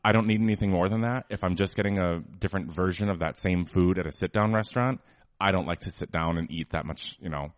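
Low-voiced male co-host, chatty and opinionated, dry close sound. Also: fast, no echo. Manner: chatty, opinionated, many fillers. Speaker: podcast co-host. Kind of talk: casual chat.

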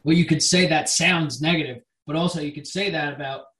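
Young male co-host, bright tone, a bit off-mic in a roomy space, profane and quick. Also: fairly high pitch, distant mic. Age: 20s. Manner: profane, rapid tangents. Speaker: podcast co-host. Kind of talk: casual chat.

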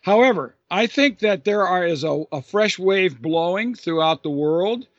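A man with a somewhat high voice explains his views earnestly and thoughtfully, stressing key words and often restarting or repeating a phrase. The recording is dull and lo-fi with a dry, close sound. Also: animated, unhurried, no room sound. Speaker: author and Bible teacher answering a listener's question.

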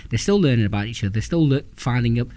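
A man's voice: mid-range voice, expressive, very fast, mellow. A man co-hosting a casual football chat, giving thoughtful opinions with frequent hesitations and restarts. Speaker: podcast co-host.

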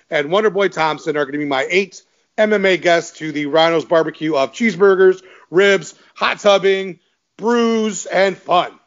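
Upbeat laughing podcast host, slightly muffled. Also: male voice, sits high. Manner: enthusiastic, laughing, repeats words. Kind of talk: casual chat.

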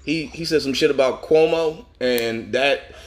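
A man's voice: mid-range voice, unhurried. A man co-hosting a comedy podcast, ranting in an exasperated, profane, casual way. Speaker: podcast co-host.

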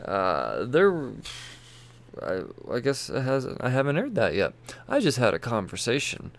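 A man's voice: mid-range voice, wildly swooping pitch, a little slow. A tired man hosting his comic book podcast, rambling and swearing casually as he reads through new releases. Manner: rambling, profane, self-interrupting. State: tired, yawning. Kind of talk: casual solo podcast chat. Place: home room with toy shelves behind.

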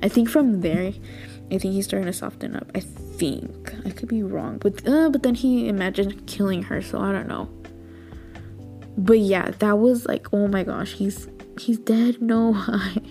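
A woman hosting a podcast, recapping a drama in a chatty, animated way with lots of fillers and little outbursts. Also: mid-range voice, moderate pace, soft background music. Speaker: podcast host.

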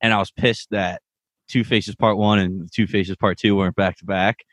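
A man's voice: lowish voice, fairly even intonation, normal speed, no echo. A man co-hosting a podcast, laid-back and laughing often in casual chat. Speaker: podcast co-host.

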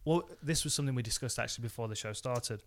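An easygoing man co-hosting a podcast, agreeable and quick to laugh along. He speaks at a middle pitch for a man in relaxed, casual conversation. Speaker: podcast co-host.

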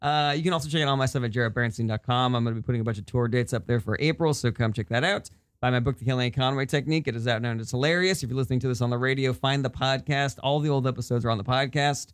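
A man rattles through the sign-off of a comedy radio show at a quick clip. His voice is dry and close to the mic. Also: mid-range voice, clean tone, no echo. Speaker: host. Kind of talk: comedy radio podcast hosting.

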